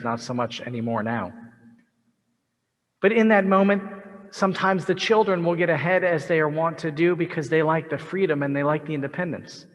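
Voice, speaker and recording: A man, a rabbi, giving a sermon with a story, in a measured, reflective way with pauses. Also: on the high side, fairly bright tone. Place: synagogue sanctuary. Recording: long reverb of a large sanctuary.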